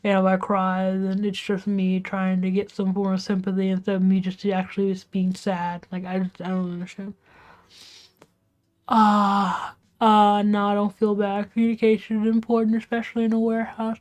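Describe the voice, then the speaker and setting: A woman livestreamer vents to her viewers late at night at home. She keeps her voice low, often dropping to a half-whisper, and rambles with frequent restarts and casual swearing. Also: completely flat delivery, normal speed. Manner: hushed, half-whispered talk to keep quiet. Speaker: live streamer. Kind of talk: venting storytime on a livestream.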